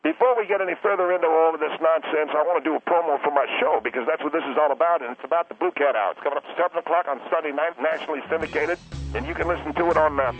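A man's voice: a little high, muffled recording. Brash, teasing male radio host. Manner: brash, mocking, rapid-fire and blunt. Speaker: radio host of a blues show.

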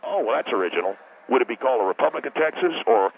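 A man's voice: medium pitch, animated, very fast, vocal fry, crowd noise. A man voicing a condescending male educator who calls in and hurls crude insults. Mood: sneering. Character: sneering male educator caller, pro-Union. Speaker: caller. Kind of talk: radio call-in comedy bit. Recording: phone line.

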